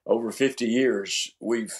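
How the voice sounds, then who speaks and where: A man's voice: mid-range voice, measured pace. A man in his seventies, a pastor and seminary chancellor, talking animatedly in an interview and stressing words as he tells stories. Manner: animated, emphatic storyteller who repeats words. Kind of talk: conversational interview.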